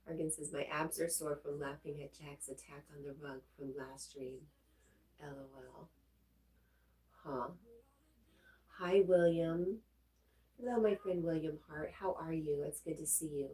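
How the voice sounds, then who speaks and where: A woman hosting a casual livestream, greeting viewers and reading their chat comments aloud in a relaxed, chatty way. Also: low voice, unhurried, long pauses, low-quality recording.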